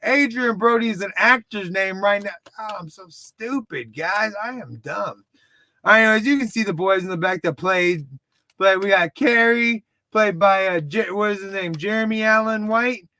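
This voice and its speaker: A man in his thirties from Dallas with a Texan accent, rambling excitedly and mocking himself while reviewing a movie. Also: high voice, moderate pace, no room sound. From Dallas, Texas. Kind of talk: casual video review.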